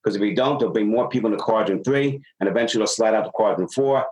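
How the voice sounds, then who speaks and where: A man's voice: fairly low pitch, fast, low-quality recording. A man working as a business consultant, giving advice in a casual talk and acting out dialogue as he tells stories. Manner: animated storyteller acting out dialogue.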